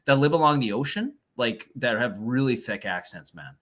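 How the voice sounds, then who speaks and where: A man's voice: mid-range voice, lively intonation, normal speed, fairly bright tone. A man from Newfoundland with a Newfoundland accent, chatting casually as a podcast guest, telling stories with frequent laughs and loose swearing. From Newfoundland, Canada. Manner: chatty storyteller, laughs often, swears freely. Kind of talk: casual chat.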